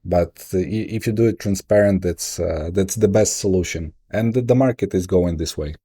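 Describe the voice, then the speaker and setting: Dark-voiced Ukrainian-accented man. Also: sits low, slightly rough. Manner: animated, halting, many restarts and fillers. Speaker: guest, investor and entrepreneur. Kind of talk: casual interview storytelling.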